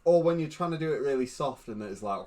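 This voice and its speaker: A man chatting casually and making quick wisecracks. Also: medium pitch, lively intonation, darkish tone. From Yorkshire, grew up in Cheshire. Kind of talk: casual chat while painting on stream.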